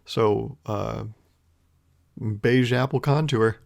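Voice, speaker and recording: Man, podcast host, casual monologue, gravelly, mid-pitched, wry, rambling, casually profane. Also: steady tone, extremely slow. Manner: rambling, wry, swears casually with frequent chuckles.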